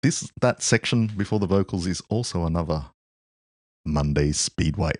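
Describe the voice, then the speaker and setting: A man's voice: low-pitched, lively intonation, normal speed, darkish tone, no room sound, clean studio sound. A man co-hosting a casual music podcast, playful, with many short agreeing replies. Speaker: podcast co-host. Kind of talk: casual chat about music.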